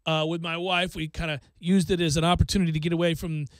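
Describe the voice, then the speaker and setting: A middle-aged man hosting a sports radio show, telling stories in an animated, ranting way. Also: fairly high pitch, fast, dry recording. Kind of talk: casual sports radio chat. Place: radio studio. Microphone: studio microphone.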